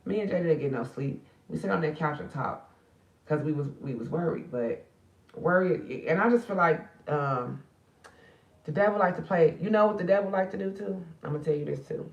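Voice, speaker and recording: A woman's voice: low voice, fairly quick, roomy sound, recorded from a distance, dull audio. A tired woman talking at night to her viewers in a casual, emotional vlog. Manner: tired, emotional, talks straight to viewers as sisters. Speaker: spiritual card reader and channel host.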